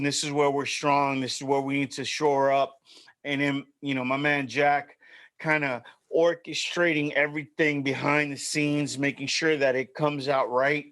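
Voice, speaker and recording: A man's voice: mid-range voice, a bit bright. A man hosting a casual chat show, upbeat and chummy, often saying "man" and "you know". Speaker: show host.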